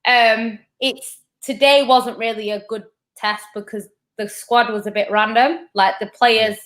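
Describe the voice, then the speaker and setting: Measured woman, somewhat high voice. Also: steady tone, a bit bright. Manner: measured, thoughtful, with frequent hesitations. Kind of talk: casual chat.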